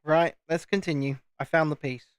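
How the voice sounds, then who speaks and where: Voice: mid-range voice, dry recording, studio quality. A speaker with a Southern English home counties accent, hosting a live stream and chatting casually while building, often repeating words. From England, home counties. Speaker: livestream host.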